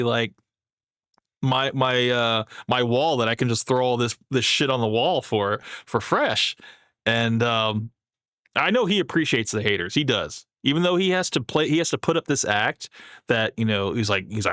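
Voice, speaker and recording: A man's voice: mid-range voice, animated, moderate pace, a bit bright, dry recording, studio quality. A young man casually commenting on a clip he is watching, rambling and laughing often. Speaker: streamer reacting to clips.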